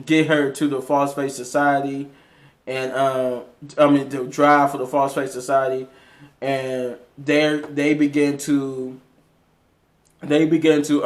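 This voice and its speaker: A man casually recapping a TV episode in a rambling way, with frequent restarts and fillers. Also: medium pitch. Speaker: TV episode reviewer.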